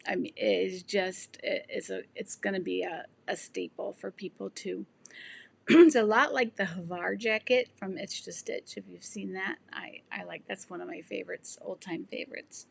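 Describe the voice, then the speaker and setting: A woman's voice: mid-range voice, normal speed, creaky, slight background noise. A woman in her sixties who is losing her voice, hosting a casual sewing livestream, rambling with many ums and restarts while she reads viewer comments. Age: 60s. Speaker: sewing channel host.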